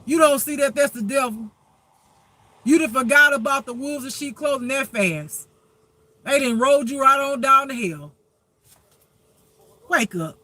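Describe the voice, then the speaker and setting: A man's voice: very high voice, a little slow, long pauses, sharp tone, no room sound, pitched above the performer's own voice, exaggerated voice. A man voicing God as a figure, who mockingly scolds a believer for being fooled. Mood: scolding.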